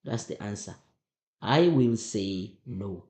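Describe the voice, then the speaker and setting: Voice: mid-range voice, animated, unhurried, darkish tone. A teacher going through exam questions, emphatic and often repeating questions back to the class. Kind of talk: exam revision lesson. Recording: roomy echo.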